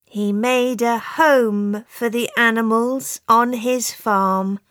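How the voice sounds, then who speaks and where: A woman narrating a simple storybook for learners, reading very slowly and clearly with an expressive voice, close to a studio mic. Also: on the high side, no room sound.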